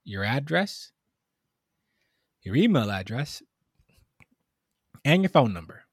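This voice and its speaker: A man telling a long story in casual conversation, animated and acting out the people in it. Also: mid-range voice, slow pace, slightly rough, no room sound, clean studio sound. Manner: animated storytelling, mimics customers. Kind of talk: casual chat.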